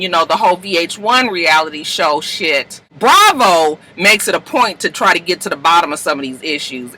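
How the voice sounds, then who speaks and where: A woman vlogger giving a chatty, rambling recap of a reality show, cursing freely and jumping to high-pitched outbursts, wired on coffee. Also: sharp tone, rough recording. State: wired on coffee, talking fast. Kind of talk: casual rambling commentary.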